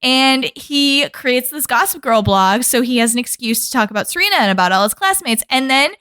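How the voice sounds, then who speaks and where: A woman co-hosting a casual podcast chat, animated, laughing often and acting out quotes. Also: high voice, brisk, smooth, no room sound. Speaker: podcast co-host.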